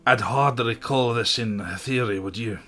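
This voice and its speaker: A man voicing a gruff, suspicious male dwarf in a Scottish accent, curt and dismissive with old-fashioned wording, in improvised tabletop role-play. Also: mid-range voice, normal speed, sharp tone, soft background music, lightly acted.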